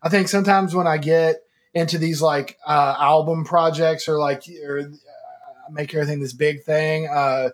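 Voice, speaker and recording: A man's voice: on the high side, fairly even intonation, normal speed. A young man from Kentucky, a musician guest, telling rambling self-mocking stories in casual podcast chat. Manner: rambling, self-mocking storyteller with frequent restarts.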